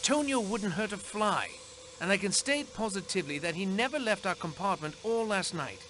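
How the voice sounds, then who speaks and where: A flustered nervous passenger. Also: male voice, high-pitched, lively intonation, moderate pace, bright, forceful tone, slight background noise. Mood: defensive. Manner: flustered, stammering. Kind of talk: video game voice acting.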